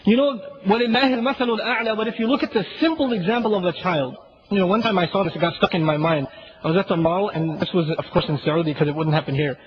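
A man's voice: on the high side, fast, lo-fi sound, slight background noise. A man giving a chatty religious lecture, often asking "right?" and chuckling. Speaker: Islamic lecturer.

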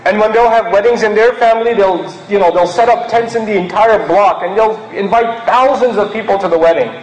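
A man's voice: high-pitched, fairly quick, roomy sound, muffled recording, a little hiss or hum. A man originally from Pakistan giving a sermon in a conversational way, acting out little scenes to make his point. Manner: conversational, acts out mocking bits. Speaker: preacher.

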